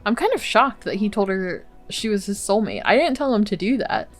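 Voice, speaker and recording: A woman's voice: mid-range voice, very animated, fairly quick, soft background music. Chatty woman narrating her gameplay. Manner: chatty, exclamatory, laughs often. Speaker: Let's Play host. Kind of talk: casual gameplay commentary.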